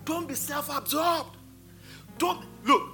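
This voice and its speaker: A high, bright male voice preaching in church, forceful and emphatic, hammering home his points by repeating them. He sounds middle-aged, with soft music underneath. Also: slow. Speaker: pastor. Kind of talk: sermon.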